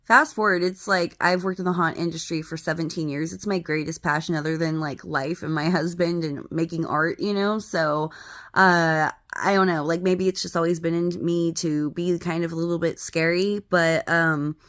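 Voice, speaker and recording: Woman, middle-aged, slightly low voice, casual ghost story, chatty, dramatic, lots of fillers. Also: fairly even intonation, moderate pace, a bit bright.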